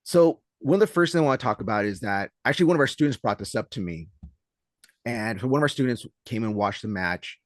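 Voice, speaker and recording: A man co-hosting a casual podcast as a judo coach, telling stories in an animated way and acting out what others said. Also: mid-range voice, fast talker, dry recording, clean studio sound. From Southern California. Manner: animated storyteller, acts out quotes loudly.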